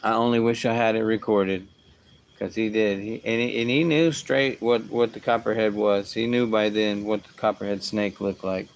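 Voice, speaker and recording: A man's voice: fairly even intonation, moderate pace, slight background noise. A man telling a casual story, rambling along with asides and restarts. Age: adult with a young son. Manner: rambling, full of asides like "whatever" and "boom".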